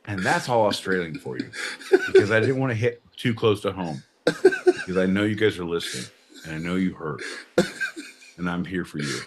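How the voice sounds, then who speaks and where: A man's voice: sing-song, a little slow, long pauses, a little hiss or hum. A man co-hosting a live podcast, joking and swearing in casual banter with big swings in his voice. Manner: profane, jokey, loud swings in pitch. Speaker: podcast co-host.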